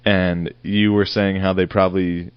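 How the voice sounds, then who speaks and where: A man's voice: deep voice, level tone, measured pace, clear, resonant tone, dry recording, highs cut off. A man co-hosting a crude comedy podcast, needling his partner with profane, teasing questions. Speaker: podcast co-host.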